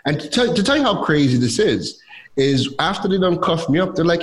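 A young man from Trinidad, telling a personal story in a casual chat as a guest, animated and quoting others. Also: fairly high pitch, a little fast. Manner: animated, lively retelling with quoted voices.

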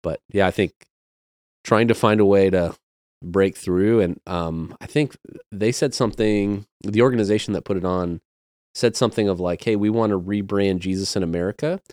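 A man's voice: lowish voice, moderate pace, darkish tone, dry recording, clean studio sound. A man, a pastor, in casual podcast conversation, earnest and reflective, explaining with everyday metaphors.

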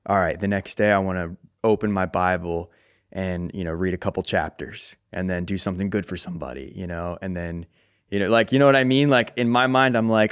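Brief: very deep, smooth male co-host, relaxed and reflective, dry sound. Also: brisk, dry recording. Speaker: talk show co-host. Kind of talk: casual chat.

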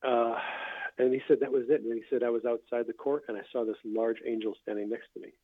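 A man hosting a casual faith conversation, calmly recounting testimonies he has heard. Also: mid-range voice, quick pace, no echo. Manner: relaxed storyteller, recounts others' testimonies. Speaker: podcast host. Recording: tinny phone-like line.

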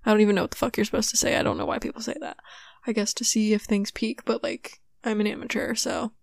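A woman's voice: mid-range voice, wildly swooping pitch, quick pace, gravelly, no room sound, clean studio sound. A young woman rambling in a casual, giggly solo chat at her home mic, swearing casually and sounding hyper. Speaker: podcast host. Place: small room at home. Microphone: home desk mic.

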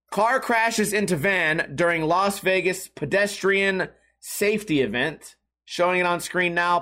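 A man's voice: high-pitched, bright, forceful tone. Rambling, profane young man talking casually. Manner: rambling, profane, sarcastic storytelling. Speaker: podcast host. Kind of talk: casual monologue.

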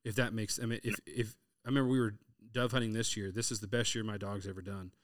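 Man, thirties, low voice, casual storyteller, dry sound. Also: fast talker, no room sound. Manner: storytelling, animated retelling of hunting anecdotes with quoted dialogue. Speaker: podcast host. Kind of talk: casual chat.

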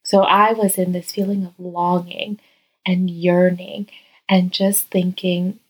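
A woman hosting her own podcast from a guest bedroom, talking casually and warmly into a close mic, full of "like" fillers and slipping into soft whispers. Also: on the low side, level tone, slow pace, slightly rough, low-quality recording. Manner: heartfelt, chatty, many "like" fillers, dips into whispers. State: teary-eyed. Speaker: podcast host and coach. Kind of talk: casual solo podcast talk. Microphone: close podcast mic, crouched over it.

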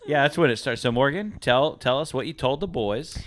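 A man's voice: mid-range voice, fairly quick. Middle-aged man hosting a casual podcast. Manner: jokey, laughs often while asking questions. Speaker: podcast co-host. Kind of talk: casual chat.

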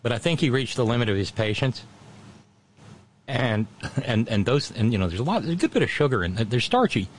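A man hosting a radio show, chatting casually and telling stories in a halting way, full of restarts and wry asides. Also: mid-range voice, very animated, a little hiss or hum. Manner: chatty storyteller, wry and self-deprecating. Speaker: radio host. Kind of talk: casual on-air chat.

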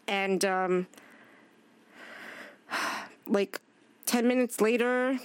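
A woman's voice: medium pitch, no echo. Candid, swearing woman in a dry room. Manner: candid, swears freely, retells dialogue. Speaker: podcast guest; chef. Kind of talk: casual chat.

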